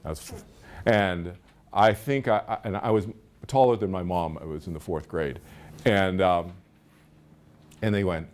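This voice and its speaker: A man's voice: deep voice, measured pace, pauses often, a little mellow. A middle-aged man giving a live seminar talk, chatty and storytelling, often checking in with his audience. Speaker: seminar speaker.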